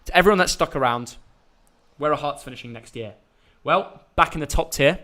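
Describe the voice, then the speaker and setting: A man's voice: a little high, animated, a little fast, bright, forceful tone. A young man, hosting a casual live stream and chatting in a rambling, jokey way. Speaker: YouTube host.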